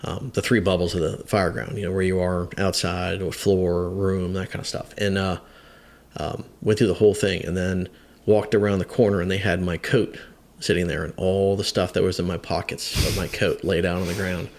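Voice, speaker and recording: A man in his fifties, a firefighter guest, telling a story in a casual interview, halting with many fillers and restarts, candid and self-deprecating. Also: low voice, little pitch movement, vocal fry.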